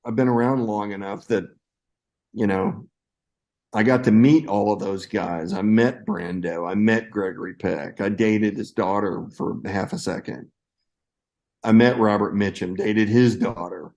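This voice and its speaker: A low-pitched man in his sixties chats easily as an interview guest. He is an animated storyteller who slips into other people's voices to act out their lines. His delivery is relaxed and conversational, a veteran telling tales from a long career. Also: unhurried. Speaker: veteran actor and screenwriter, guest. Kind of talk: casual anecdotal storytelling.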